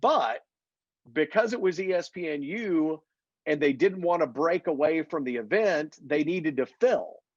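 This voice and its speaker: A man's voice: a little high, measured pace, dry recording, highs cut off. A man who works as a play-by-play announcer, chatting in an interview and acting out the people in his stories. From Missouri. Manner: animated storyteller, acts out quotes. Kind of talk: casual interview chat.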